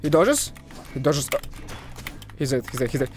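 A man giving excitable live commentary over his own gameplay, talking to his viewers and swinging from loud hype to low muttering. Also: moderate pace, long pauses, faint music behind. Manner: talks to viewers as "guys". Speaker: gaming video creator.

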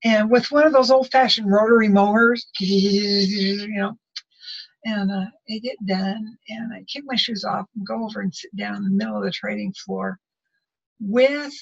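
A woman sharing a spiritual testimony, telling her story with lively acted-out dialogue. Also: mid-range voice, normal speed, vocal fry, husky. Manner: animated storytelling, acts out dialogue. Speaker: prayer group member. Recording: muffled lo-fi audio.

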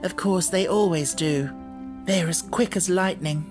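A man reading an audiobook, voicing an imaginative, self-assured little girl who speaks in an earnest, gently coaxing way. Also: high voice, unhurried, over music, voice pushed up.

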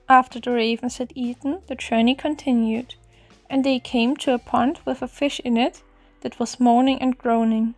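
Woman, storyteller, fairy-tale reading, gentle, even, high-pitched, faint background music. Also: normal speed.

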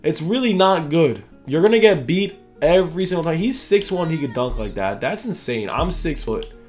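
Young male gaming YouTuber, slightly high voice, loose slangy commentary, faint music underneath. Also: big pitch swings, moderate pace, a little mellow. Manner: casual, slangy, thinking aloud. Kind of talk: casual gameplay commentary.

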